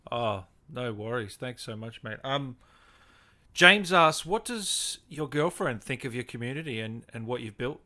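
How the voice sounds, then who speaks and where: A man's voice: medium pitch, lively intonation, a little slow, sharp tone. A man hosting a video call interview and reading out viewer questions. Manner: friendly, reads out viewer questions. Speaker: podcast host. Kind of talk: casual interview.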